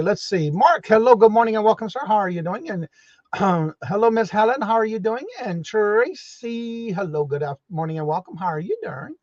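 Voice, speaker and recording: A man's voice: high-pitched, no echo. Man, live-stream host, upbeat repetitive greetings, dull dry lo-fi sound. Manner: greets chat viewers one by one, repetitive and upbeat.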